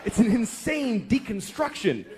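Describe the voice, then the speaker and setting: A man's voice: high-pitched, sing-song, a little slow, darkish tone, a little hiss or hum. A man doing a stand-up routine, telling stories in a profane, exasperated way. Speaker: stand-up comedian.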